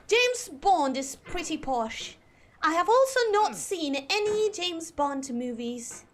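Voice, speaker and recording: A woman with a very high voice chats through a game stream in a prim, put-on posh English accent. She speaks slowly and deliberately. Her pitch swoops up and down with lively expression. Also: slight background noise. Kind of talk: gaming livestream chat.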